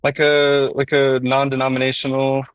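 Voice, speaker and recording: A man's voice: medium pitch, monotone, moderate pace, clear, resonant tone, dry recording. A man calling into a casual talk show, hesitant and searching for his words. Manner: hesitant, many fillers and restarts. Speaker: caller. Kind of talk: casual call-in chat.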